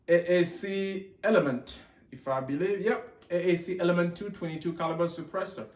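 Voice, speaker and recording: A slightly high-voiced man hosts a casual show-and-tell video, rambling and cracking jokes as he loses count. He puts on a mixed Texan and Australian accent, and his voice bounces around an echoey room. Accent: put-on mixed Texan and Australian. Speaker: gun channel host.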